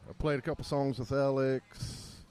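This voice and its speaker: A man co-hosting a podcast in casual chat, laid-back with frequent pauses. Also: medium pitch, level tone, a little mellow, clean tone. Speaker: podcast co-host and musician.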